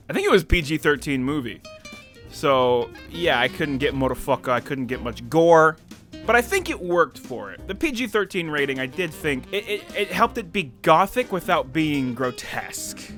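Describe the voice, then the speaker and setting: A man's voice: a little high, expressive, moderate pace, fairly bright tone, faint music behind. A young man giving a casual, rambling film review, full of "like" fillers and frequent laughter. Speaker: movie reviewer.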